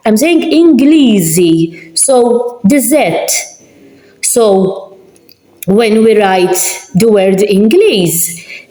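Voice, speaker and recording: Slow, patient woman teaching in an echoey room. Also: fairly high pitch, warm tone. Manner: patient, repeats words slowly and deliberately. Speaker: language teacher. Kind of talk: slow spelling lesson with examples.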